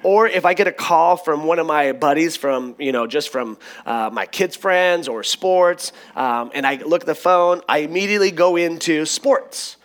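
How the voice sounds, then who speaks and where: A middle-aged man preaching a sermon as pastor, in a conversational, animated storytelling manner. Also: fairly high pitch, normal speed, few pauses.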